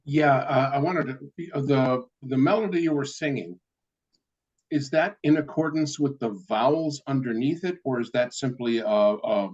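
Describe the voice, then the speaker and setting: A man's voice: medium pitch, normal speed, darkish tone, lo-fi sound. A man taking an online class who asks questions hesitantly, restarting as he goes. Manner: hesitant, restarts while asking. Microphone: video call.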